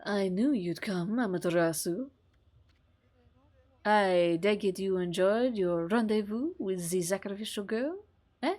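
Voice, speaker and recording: A woman's voice: mid-range voice, unhurried, a little mellow, pitched below the performer's own voice, close to an everyday voice. A woman voicing a smug, mysterious young man with a sly, teasing manner.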